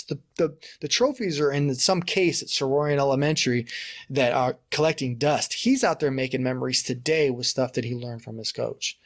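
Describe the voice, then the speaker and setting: A middle-aged man and coach, a guest on a podcast, telling stories with animated bits of voice acting for the people he quotes. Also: medium pitch, moderate pace. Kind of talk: storytelling in a podcast interview.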